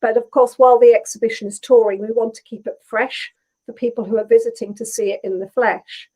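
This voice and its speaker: A woman with a soft Norfolk English accent speaks as a guest on a video call. Her voice sits a little high, and she talks in a chatty, thoughtful way, pausing on fillers as she gathers her thoughts. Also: fairly even intonation, low-quality recording. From England, Norfolk. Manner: chatty, thoughtful, many ums. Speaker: textile artist guest. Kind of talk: casual video call interview.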